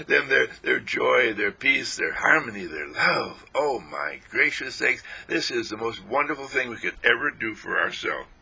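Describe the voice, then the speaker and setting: A man giving an inspirational radio talk, animated and playful, repeating affirmations. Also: medium pitch, creaky, breathy edge. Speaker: spiritual radio speaker.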